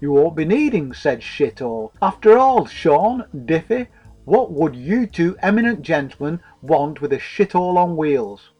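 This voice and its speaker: A man's voice: fairly high pitch, sing-song, unhurried, a little mellow, muffled recording, faint music behind. A man voicing a scruffy, slobbish caravan owner who is crude, jovial and mocking.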